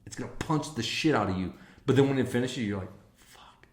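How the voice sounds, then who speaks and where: A man's voice: mid-range voice, animated, fast, echoey room. A man hosting a casual whiskey live stream, enthusiastic and swearing freely as he talks to viewers in chat. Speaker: whiskey livestream host.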